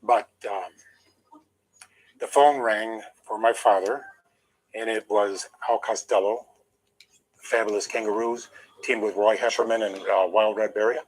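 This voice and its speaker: A man's voice: fairly low pitch, steady tone, normal speed, poor audio. An older man, an interview guest, telling a long personal story in an emphatic, aggrieved way while holding back emotion.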